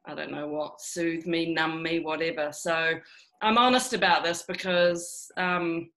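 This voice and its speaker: A woman's voice: low voice, steady tone, a little slow, fairly bright tone. A woman from New Zealand with a New Zealand accent, talking candidly and self-deprecatingly as a guest on a casual video call. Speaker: guest author.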